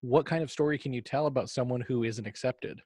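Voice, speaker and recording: A man co-hosting a casual review chat, making his points in an articulate, analytical, steady way. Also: medium pitch, a little fast, husky, no echo. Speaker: podcast co-host reviewing a TV episode.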